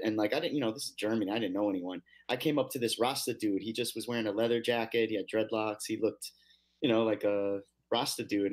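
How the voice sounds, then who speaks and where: A man hosting a casual internet radio talk show, telling relaxed stories and laughing often. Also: medium pitch. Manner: laid-back storytelling with laughs. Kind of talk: casual chat.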